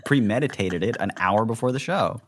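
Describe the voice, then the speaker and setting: A man's voice: on the low side, a little fast, slight background noise. A man co-hosting a podcast in casual chat. He jokes, swears freely and often trails off mid-sentence. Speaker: podcast co-host.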